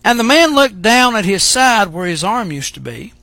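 A man preaching a sermon, speaking emphatically and pausing for drama. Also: sits high, sing-song, gravelly, bright, forceful tone, dry recording. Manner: dramatic pauses and emphatic delivery.

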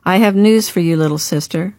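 A woman reading the part of a gentle older brother in an audiobook, speaking calmly and softly. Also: high-pitched, moderate pace, dry recording, close to an everyday voice. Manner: gentle, calm, softly reassuring. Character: gentle grown man, a caring older brother.

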